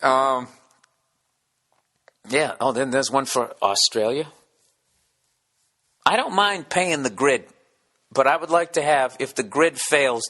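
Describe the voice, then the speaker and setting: A man ranting through a comic podcast monologue in a bright, forceful voice. His talk is full of profanity and runs on loosely, and at times he drops into a hushed whisper. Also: mid-range voice. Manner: profane rant with sudden whispered asides. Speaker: podcast host. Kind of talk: casual comedic monologue.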